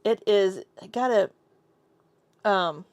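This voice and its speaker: A woman's voice: mid-range voice, takes it slowly, no echo. An American woman chatting casually with her viewers on a live stream, laughing often and joking around. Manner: chatty, laughs often, tries out silly accents.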